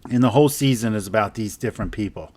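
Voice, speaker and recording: A man's voice: lowish voice, fast, a little mellow. A man co-hosting a podcast, chatting casually with crude humor, laughing a lot and mimicking people in silly voices. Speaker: podcast co-host. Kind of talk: casual comedic chat.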